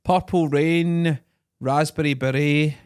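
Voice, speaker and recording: A man's voice: fairly high pitch, steady tone, takes it slowly, darkish tone, clear, resonant tone, dry recording. Scottish man teasing his mate on a podcast, swears a lot, dry close sound. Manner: blunt, sweary, teasing banter. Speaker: podcast co-host. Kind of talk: casual chat.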